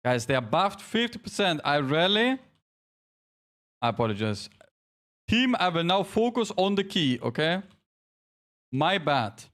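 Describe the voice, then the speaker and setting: A man's voice: fairly high pitch, big pitch swings, a little slow, pauses often, a bit bright. Chatty man streaming a game. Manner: chatty, jokey, self-deprecating, directing teammates. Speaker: streamer leading a game team. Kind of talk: casual live-stream gaming chat.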